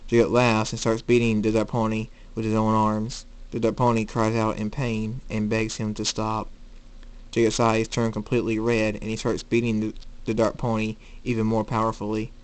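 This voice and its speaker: A man's voice: fairly low pitch, monotone, normal speed, clean tone. A man narrating his own fan story in a plain reading voice, with some restarts. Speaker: fan fiction reader.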